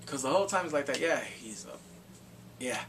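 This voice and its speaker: A man casually recapping a movie plot in a rambling, excitable way, with blunt crude slang. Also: mid-range voice, moderate pace. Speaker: movie reviewer. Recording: distant mic with faint background noise.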